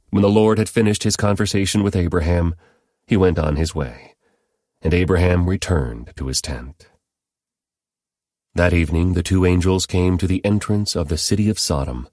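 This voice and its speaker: Deep-voiced man reading scripture. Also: no room sound, clean studio sound. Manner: steady, measured narration. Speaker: Bible reader.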